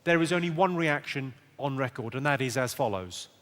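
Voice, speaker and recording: A male stand-up comedian, delivering deadpan one-liners with quick asides to a live audience. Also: mid-range voice, big-room sound. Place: large theatre stage with audience. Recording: live theatre recording, loud audience. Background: loud audience laughter.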